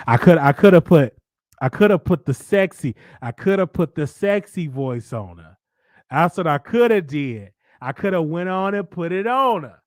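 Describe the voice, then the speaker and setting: A man hosting his own show in rambling, animated casual chat, thinking out loud. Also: fairly high pitch, moderate pace, no echo, studio quality. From Dallas, Texas. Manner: rambling, animated, talks to himself aloud. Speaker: show host.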